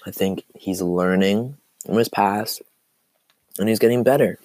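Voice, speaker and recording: A man's voice: on the low side, unhurried, long pauses, darkish tone, dry recording. A young man hosting a casual solo podcast, rambling and self-deprecating, his throat phlegmy from coughing. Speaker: podcast host.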